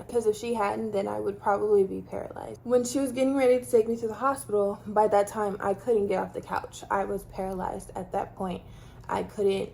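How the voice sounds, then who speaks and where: A woman with a mellow, darker voice telling a personal story to camera. She talks casually, with frequent "like" and "um" fillers. She grew up in Texas. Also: mid-range voice, gravelly, slight background noise. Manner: chatty, many fillers like "like" and "um". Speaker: vlogger sharing her story.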